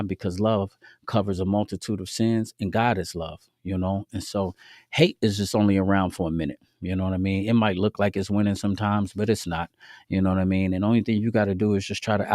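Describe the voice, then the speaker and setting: Low-voiced, laid-back man telling a story. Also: no echo, studio quality. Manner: laid-back and slangy, with frequent asides to listeners. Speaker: podcast host. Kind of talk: casual faith-based storytelling.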